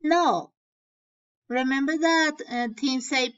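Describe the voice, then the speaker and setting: Slow woman teacher reading aloud. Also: a little high, a bit bright, lo-fi sound. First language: Spanish. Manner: slow, explaining and translating into Spanish. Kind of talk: reading a story aloud to children.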